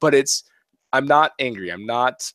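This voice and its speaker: A man's voice: mid-range voice, expressive, a little slow, fairly bright tone, no echo. A man co-hosting a casual podcast chat, speaking in an earnest, reflective way and often repeating himself. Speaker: podcast co-host.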